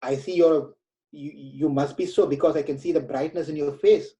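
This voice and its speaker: Guy doing a shaken king firing off questions, voice pushed up higher. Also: fairly even intonation, moderate pace, warm tone, natural voice, low-quality recording. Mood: awed questioning. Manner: urgent questioning. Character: humbled male king, awed and pleading.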